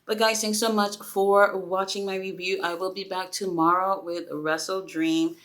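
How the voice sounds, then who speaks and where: A young woman giving a casual, excitable solo review of a wrestling show, chatty and full of asides. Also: medium pitch, moderate pace.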